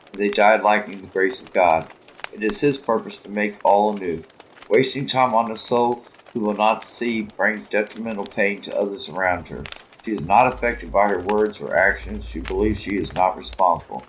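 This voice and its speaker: Guy reading a story slow and solemn, deep voice, bit of faint hiss behind. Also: low-quality recording. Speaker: narrator. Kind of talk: scripted audiobook narration.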